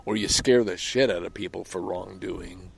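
A man's voice: sits low, moderate pace, vocal fry. A man delivering a rambling, heated monologue outdoors by a lake. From Canada. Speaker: vlogger.

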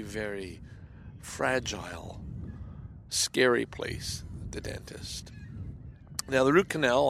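In a confessional monologue, a man with a gravelly voice edged with vocal fry speaks at an ordinary middle pitch. He halts, repeats words, and trails off into soft near-whispers, with slight background noise audible.

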